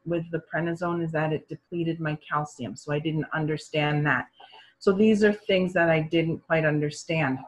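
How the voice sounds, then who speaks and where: Lo-fi sound carries a middle-aged woman's low-pitched voice as she relates her health story casually. She gets animated, voicing the doctors and parents in it herself.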